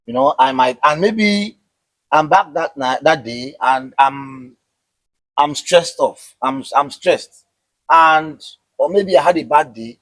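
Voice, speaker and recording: A man's voice: on the high side, slow, fairly bright tone, dry recording, low-quality recording. A man being interviewed with his wife, explaining at length in casual chat, often repeating words and asking "you understand?". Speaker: interviewed husband.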